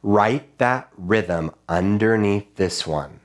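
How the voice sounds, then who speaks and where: A man's voice: lowish voice, takes it slowly, very noisy. A man teaching a children's music lesson, patiently chanting rhythm syllables and talking them through drawing rhythms.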